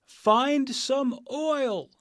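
A man voicing a stiff, rusted tin man who pleads slowly in a high, strained voice for a storybook reading. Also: fairly bright tone, no echo, studio quality, heavily acted. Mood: pleading. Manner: slow, strained, high and distant.

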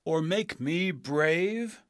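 A big storybook lion as a man plays him with a booming voice that draws out each word. Loud and lifted in pitch, slow and dry. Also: lively intonation, smooth, no echo. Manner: booming and drawn out. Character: big male lion, loud and newly brave.

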